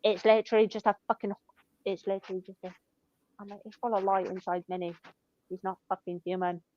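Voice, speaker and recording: A woman, telling shop stories in a blunt, sweary, deadpan way. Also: mid-range voice, a little fast, no echo. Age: 20s. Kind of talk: casual chat. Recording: dull lo-fi dry sound.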